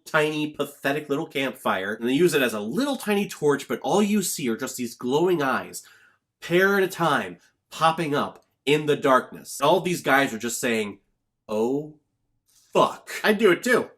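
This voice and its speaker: A man's voice: a little high, fairly bright tone. A young man giving a casual movie review vlog, blunt and opinionated with jokey rants.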